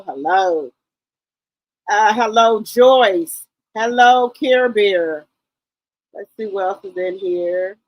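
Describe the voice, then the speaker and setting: A woman's voice: a little high, no echo, rough recording. A woman hosting a casual live stream, greeting viewers one by one and rambling loosely with many ums.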